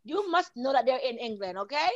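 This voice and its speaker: A woman's voice: high voice, expressive, fairly quick, dull audio. A woman, a guest talking emphatically in casual chat. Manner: emphatic, repeats "listen" and "okay".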